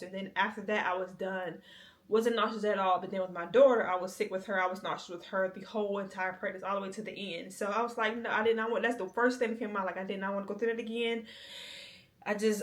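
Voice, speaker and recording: A woman's voice: medium pitch, a bit bright. A young adult woman vlogging in a candid, chatty way, talking straight to her viewers. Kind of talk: casual chat.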